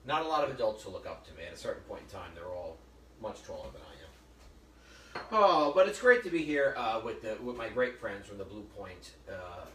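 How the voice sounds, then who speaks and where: Chatty storyteller host, male, animated and bright, sounds off-mic with some room echo. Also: fairly low pitch, fairly quick, slight background noise. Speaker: host of a live cooking show. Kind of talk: casual storytelling chat. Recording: echoey room, mic at a distance.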